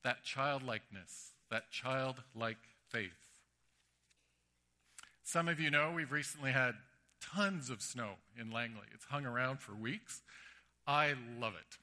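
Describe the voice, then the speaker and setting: A man's voice: mid-range voice, slow. A man preaching a sermon, telling stories animatedly and acting out the voices. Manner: animated storytelling with acted-out voices.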